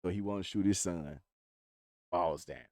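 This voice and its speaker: A man's voice: sits low, unhurried, darkish tone, no room sound, clean studio sound. A man giving a casual, rambling spoiler recap of a TV episode, swearing freely and talking in laid-back slang. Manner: profane, rambling retelling. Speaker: TV show reviewer.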